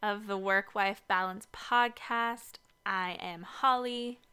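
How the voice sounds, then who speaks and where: In a basement home studio, a young Seattle-area woman co-hosts a podcast of casual, upbeat chatter. She speaks slowly and steadily in a mid-range voice that is sharp yet smooth.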